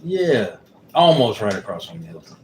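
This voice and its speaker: A man's voice: lowish voice, big pitch swings, normal speed, a little hiss or hum. A man chatting casually with his wife on a livestream, rambling and searching for words with many fillers. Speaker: co-host, husband.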